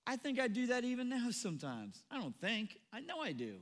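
A man preaching a sermon as pastor, animated, acting out the people in the story as he goes. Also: very high voice, fairly quick, few pauses, big-room sound. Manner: animated, acts out quoted voices. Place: church auditorium.

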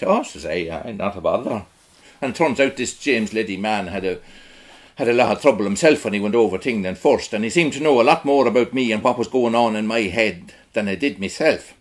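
A man's voice: mid-range voice, expressive, a little fast. A middle-aged man with a rural Irish accent, performing a blunt, earthy one-man stage monologue. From Ireland. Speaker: actor in a one-man show. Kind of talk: theatrical monologue.

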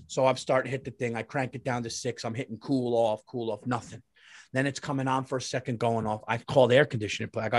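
A man hosting a podcast, telling a comic story in a casual, animated way, swearing and repeating lines for emphasis. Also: mid-range voice, fast talker, dry recording, clean studio sound. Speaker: podcast host.

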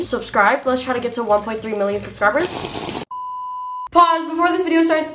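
A woman's voice: fairly high pitch, a bit bright. A young woman from Canada chatting casually in a home vlog, self-mocking and swearing a lot, a little out of breath. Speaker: YouTuber. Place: bedroom at home.

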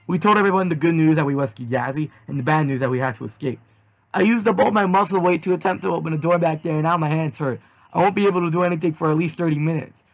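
A young man reads his own homemade story aloud, his voice sitting a little high. He slips into excited, louder voices whenever the characters speak. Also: fast talker. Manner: excited, jumps higher for quoted lines.

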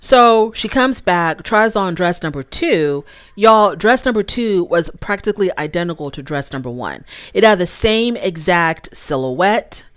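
A woman with a fairly low voice recaps reality TV episodes in a casual, chatty way. She talks straight to her viewers as y'all. Her voice sounds close and dry, with no room echo. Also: lively intonation, a little slow, few pauses, fairly bright tone. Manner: chatty, addresses viewers as y'all, acts out quotes.

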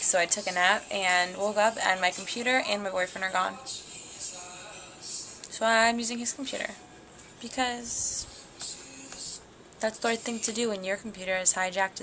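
A woman's voice: mid-range voice, a bit bright, slight background noise. A young woman talking casually for a home video blog in a wry, sarcastic way. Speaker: vlogger. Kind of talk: casual vlog chat.

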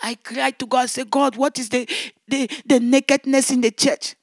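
Woman evangelist, very high voice, emotional testimony, repeats words, dry close sound. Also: flat delivery, normal speed, dry recording. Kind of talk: testimony preaching.

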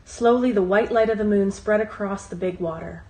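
A woman reads a children's story aloud at a middle pitch. Her telling is calm and soft. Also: moderate pace, low-quality recording.

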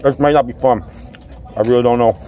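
A man's voice: medium pitch, steady tone, fairly quick, warm tone, slight background noise. A man giving a casual, rambling food review, hesitant and full of filler sounds, sweating from spicy food. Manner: rambling, hesitant, lots of uh and repeats. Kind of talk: casual chat.

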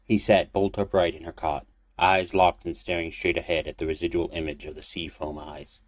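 Deep-voiced male storyteller, dry sound. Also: flat delivery, normal speed, dry recording. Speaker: audiobook reader. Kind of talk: fan fiction audiobook narration.

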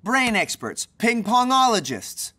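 Easygoing cartoon tomcat, animated and jokey, a woman acting it. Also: a little high, unhurried, exaggerated voice. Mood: laid-back. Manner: laid-back, joking. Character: playful, carefree male cartoon cat. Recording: music behind.

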